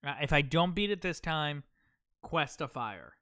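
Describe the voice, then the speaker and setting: A young man streaming a video game live, reacting excitably, talking to himself and thanking chat. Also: on the high side, a little slow, clean tone. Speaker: gaming livestreamer. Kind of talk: live gameplay commentary.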